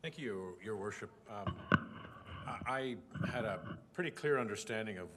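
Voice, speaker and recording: A man speaking as a city councillor in a formal council debate. He talks in a measured, methodical way with hesitant restarts, at a council chamber desk microphone. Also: fairly low pitch, animated, fairly bright tone.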